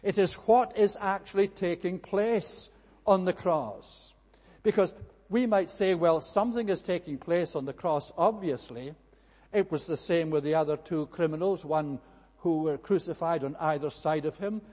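A man delivering a sermon as a minister, earnest and emphatic, often pausing with "eh" between phrases. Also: on the high side, darkish tone. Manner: earnest, emphatic preaching with frequent "eh" fillers. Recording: long reverb of a large hall.

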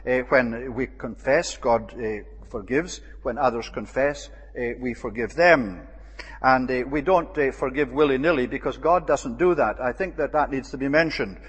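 A man preaching a measured expository Bible sermon, pausing often with "uh" as he explains a passage. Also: medium pitch, husky. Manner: measured, with frequent "uh" pauses. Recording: long reverb of a hall.

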